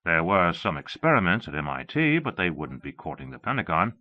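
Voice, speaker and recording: A man narrating an audiobook in a measured, expressive reading. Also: sits low. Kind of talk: scripted narration. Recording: dull lo-fi cassette audio.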